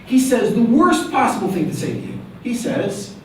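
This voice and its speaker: A man lecturing as a rabbi to students, animated and joking, firing rhetorical questions at the room. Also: extremely high pitch, normal speed. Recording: very echoey room, mic at a distance, faint background hum.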